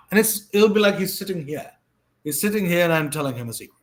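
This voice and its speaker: A man's voice: sits high, expressive, brisk. A man giving earnest life advice in a monologue, emphatic and preachy, repeating phrases for stress. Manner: swings between loud stress and soft asides.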